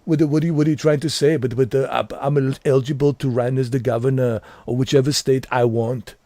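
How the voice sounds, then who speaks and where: A man doing an impression of a muscle-bound former governor with a thick Austrian accent, talking in halting, boastful bursts. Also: medium pitch, steady tone, dark tone, no room sound, lightly acted. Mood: defensive.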